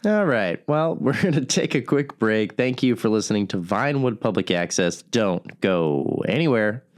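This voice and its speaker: A man voices a down-on-his-luck talk radio host with a fairly low voice. He sounds wry and self-mocking, often laughing at his own lot. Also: animated, normal speed, natural voice. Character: broke, self-deprecating male radio host.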